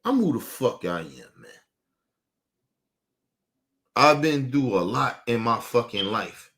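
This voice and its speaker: A young man, ranting emotionally and profanely on a live stream, dropping low and quiet, then bursting out loud. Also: expressive, slow.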